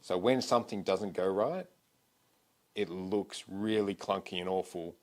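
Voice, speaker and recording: A man co-hosting a podcast, recounting a security job in a brisk, emphatic conversational way. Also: deep voice, a little mellow. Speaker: podcast co-host. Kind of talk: casual conversation.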